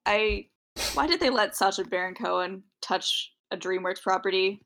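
A woman's voice: mid-range voice, moderate pace, a bit bright. Young woman rambling through stories. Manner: rambling, filler-heavy storytelling. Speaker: podcast co-host. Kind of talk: casual chat.

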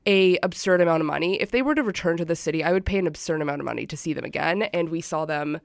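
A woman's voice: deep voice, fast, creaky, no room sound, studio quality. A woman co-hosting a campus radio show in casual, enthusiastic chat, her voice a little sick. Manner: enthusiastic, chatty, animated. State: slightly sick voice.

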